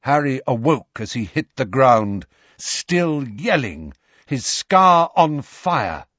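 A man reading a storybook aloud as narrator, with a slow and measured delivery. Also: mid-range voice, big pitch swings, fairly bright tone, dry recording. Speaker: audiobook narrator. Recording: dull lo-fi recording.

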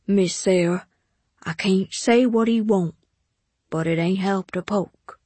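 Fretful, protective maid , read by a woman narrator; soft, coaxing, dry close sound. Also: mid-range voice, slow pace, slightly rough, no echo. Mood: urging.

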